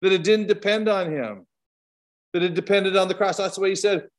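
Canadian male Bible study leader, fairly high voice, chatty teaching with rhetorical questions. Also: moderate pace. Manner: conversational, rhetorical questions, side tangents.

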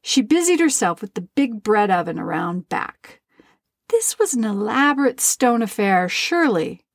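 Gravelly woman reading a fairy tale. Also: medium pitch, dry recording, studio quality. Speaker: storyteller. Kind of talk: storybook narration.

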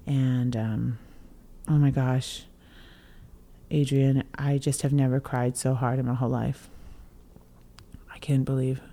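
A low-voiced young woman shares a personal story on a podcast, in a relaxed, chatty way. She is animated and breaks into laughter between phrases, acting out what others said. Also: takes it slowly, pauses often. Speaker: podcast co-host. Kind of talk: casual storytelling chat.

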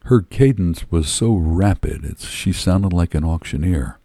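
A man's voice: low voice, unhurried, creaky, few pauses, dark tone, no room sound. A man reading a story aloud in a wry, first-person storytelling manner. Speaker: narrator.

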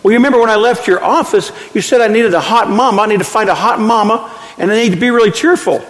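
A man's voice: high-pitched, fast, in a large hall, voice pushed up, close to an everyday voice. A pastor voicing a cheerful, carefree older male heart patient in a hearty, jovial manner.

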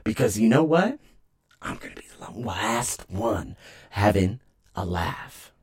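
A man rants on his own podcast, rambling and emphatic. His voice is husky with a gravelly edge, and his pitch leaps and drops all over the place. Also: huge pitch swings, takes it slowly, a little mellow. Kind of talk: solo podcast rant.

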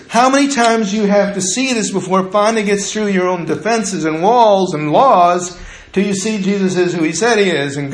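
A man voicing Jesus as a patient teacher, asking slow, earnest rhetorical questions. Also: sits high. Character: patient, searching adult male teacher, Jesus. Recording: echoey room.

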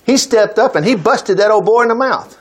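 A man preaching a sermon, retelling a Bible story in a folksy, animated way with frequent chuckles. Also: high voice, brisk, husky.

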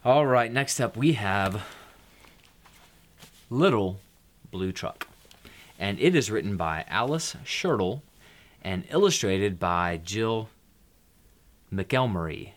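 A man hosting, reading a children's picture book aloud, relaxed, dropping his voice for quiet asides between lines. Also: on the low side, slow pace, long pauses.

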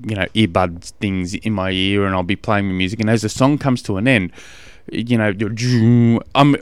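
Casual Australian male podcast host, middle-aged, rambling and self-mocking, smooth voice, dry close mic. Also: mid-range voice, no room sound. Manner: rambling, self-deprecating, laughs often. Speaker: podcast host, endurance coach. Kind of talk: casual solo podcast chat.

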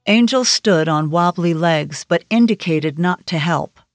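A woman narrating a crime thriller audiobook in an even, steady storytelling manner. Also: on the low side, measured pace, no room sound, faint music behind. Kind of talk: scripted narration.

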